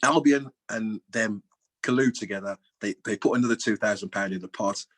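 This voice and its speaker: A man in his sixties with a lowish, husky voice recounts stories in a loose, colloquial way. He tells them with lively energy, as a guest sharing memories of his football days. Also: normal speed. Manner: lively, acts out other people's lines with big jumps in voice; colloquial, chatty. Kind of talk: anecdotal storytelling.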